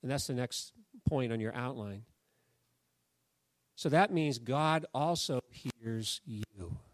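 A man's voice: medium pitch, slow, dry recording. Pastor man preaching in a dry voice. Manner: conversational, animated storytelling with sudden drops to a soft, hushed voice. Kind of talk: sermon.

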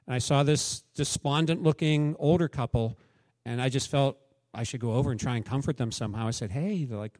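A man's voice: fairly high pitch, dry recording. A man preaching a sermon as pastor, candid and conversational, telling stories and acting out quotes.

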